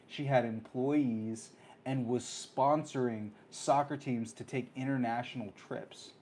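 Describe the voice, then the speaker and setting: A man hosting his own talk show, telling a personal story in a casual, animated way and acting out the voices of people he met. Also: medium pitch, a little slow, a little hiss or hum. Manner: animated, acts out quoted voices. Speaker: host.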